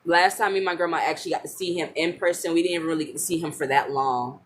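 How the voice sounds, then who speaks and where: A young woman telling a personal family story in casual talk, halting and repeating words as she goes. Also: lowish voice, fairly even intonation, slight background noise.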